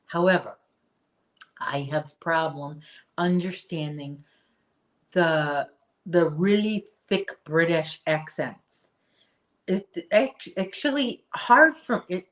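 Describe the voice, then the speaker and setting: A low-pitched woman talks at an unhurried, easy pace as she hosts a crochet livestream. She chats with her viewers and picks up their comments, often stumbling and restarting her sentences. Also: fairly bright tone. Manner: chatty, answers viewer comments, frequent restarts. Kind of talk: casual live chat while crocheting.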